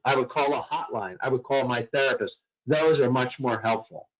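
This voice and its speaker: A man's voice: a little high, muffled recording. A man giving a talk on mental health to workplace staff, telling a story dramatically and acting out the voices in it.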